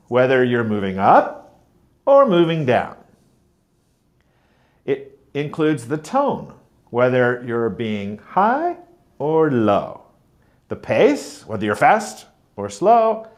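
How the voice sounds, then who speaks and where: A man teaching a pronunciation lesson, modelling stressed and unstressed syllables with exaggerated stress on example words. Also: on the high side. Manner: explains clearly, models sounds like mm-mm. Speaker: teacher trainer.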